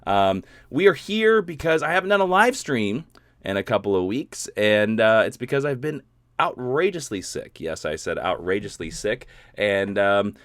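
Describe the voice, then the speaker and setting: A man's voice: lowish voice, sing-song, moderate pace, fairly bright tone, dry recording, clean studio sound. A man hosting a casual live stream, chatting in a playful, rambling way.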